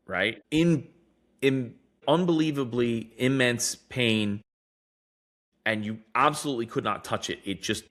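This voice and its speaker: A man on a podcast casually telling patient stories, acting out what doctors said to him. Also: fairly low pitch. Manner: animated storyteller acting out quoted doctors. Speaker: guest, device innovator. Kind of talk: casual storytelling in a podcast interview.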